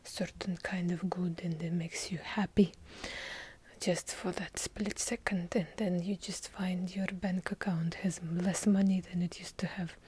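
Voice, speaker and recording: A woman's voice: on the low side, flat delivery, unhurried, a little mellow, husky. Whispering woman with heavy Russian accent. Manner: rambling, easily sidetracked, playful mock-serious. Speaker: ASMR channel host. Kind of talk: whispered ASMR. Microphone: handheld field recorder, close.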